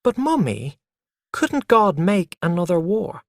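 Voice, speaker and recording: Pushy little boy, high and whiny, insistent questions, lively sing-song, as a man puts him on, storybook reading, dry sound. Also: slow pace, no room sound, full character voice. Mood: eager. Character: eager demanding little boy. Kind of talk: graded reader story narration.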